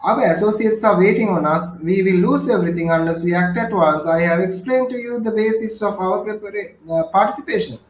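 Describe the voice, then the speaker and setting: A man's voice: high-pitched, brisk, few pauses, echoey room, voice pushed up, natural voice, low-quality recording. A man reading the lines of an impatient young man who urgently presses his father to act.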